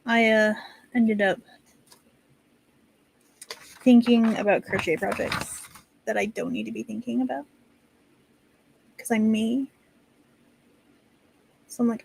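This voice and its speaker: A woman hosting a casual writing-sprint stream, chatty and quick to laugh and apologize. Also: on the high side, creaky, a bit bright, a little hiss or hum. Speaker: stream host.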